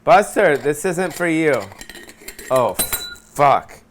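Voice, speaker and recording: A man's voice: mid-range voice, unhurried. A middle-aged man hosting a solo rant from his apartment, rambling and swearing, often losing his train of thought. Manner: scattered, profane, loses his train of thought. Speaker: host.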